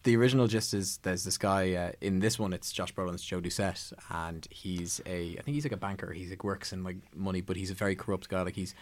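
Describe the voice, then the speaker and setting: Deep voiced guy rattling off film stuff on a podcast, quick and chatty. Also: fairly even intonation. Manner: rambling, acts out quotes from films. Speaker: podcast host. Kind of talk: casual film discussion.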